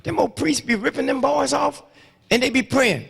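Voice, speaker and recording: A man in his seventies giving a fiery lecture full of storytelling, swinging between hushed murmurs and loud outbursts, with rhythmic call-outs to the audience. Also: very high voice, moderate pace, gravelly, slightly rough. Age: 70s. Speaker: speaker addressing an audience. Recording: long reverb of a large hall.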